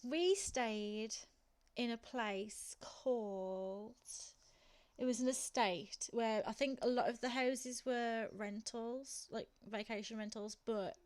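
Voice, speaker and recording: A woman's voice: fairly high pitch, slow pace, a little mellow, clean tone. A young woman from England with a Black Country accent, chatting casually with viewers while streaming a game and laughing often. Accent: Black Country (West Midlands English). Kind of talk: casual chat while gaming.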